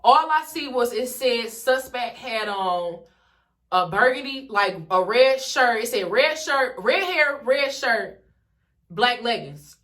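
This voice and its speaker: A woman's voice: fairly high pitch, takes it slowly. A young woman from Detroit telling a story in a casual vlog, swearing freely and acting out everyone's lines. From Detroit, USA. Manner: animated, swears freely, acts out the dialogue. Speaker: vlogger.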